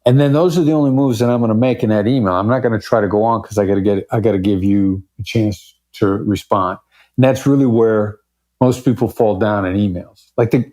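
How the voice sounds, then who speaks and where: A negotiation expert, appearing as a guest on a podcast, explains his points emphatically in a conversational interview, varying his pace for effect. His voice is lowish and mellow.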